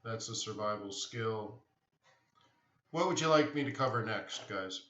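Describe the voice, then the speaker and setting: Hosting a casual live trading stream, a man chats loosely with viewers, answering their questions, rambling, and restarting sentences often. His slightly low voice is animated, bright and forceful, delivered at a measured pace. The sound is dull and distant, like a mic across an echoing room.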